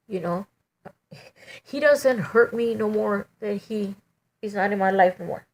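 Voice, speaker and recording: A middle-aged woman with a mid-range voice gives an emotional personal testimony. She speaks haltingly, often restarting and saying "you know."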